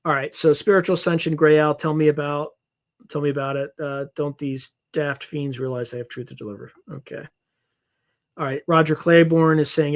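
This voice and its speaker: A male livestream host reads chat comments and reacts to them in a rapid, wired rush. His voice sits a little high for a man and swings between loud bursts and low asides. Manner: wired on caffeine, rapid and animated.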